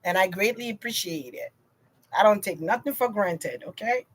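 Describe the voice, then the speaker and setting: A woman's voice: mid-range voice, lively intonation, moderate pace, slightly rough. A woman chatting casually to her viewers on a livestream tarot reading, slangy and direct.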